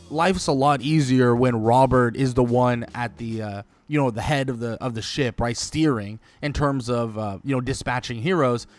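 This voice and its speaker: A man giving casual video commentary on a game, rambling and enthusiastic, full of "like" and quick self-corrections. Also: medium pitch, dry recording. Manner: rambling and enthusiastic, heavy use of "like", corrects himself. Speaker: gaming video creator.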